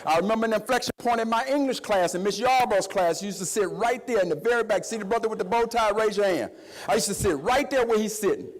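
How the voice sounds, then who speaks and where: A middle-aged man delivers a keynote in the manner of a preacher. His voice sits fairly high for a man, and he swings between ringing shouts and low, confiding asides. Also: fast. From Jackson, Mississippi, US. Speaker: keynote speaker. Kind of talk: impassioned keynote speech.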